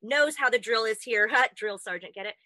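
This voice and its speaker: A woman's voice: on the high side, normal speed, sharp tone, dry recording. A woman hosting an interview show who talks in a gushing, enthusiastic way. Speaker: show host. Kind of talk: casual interview chat.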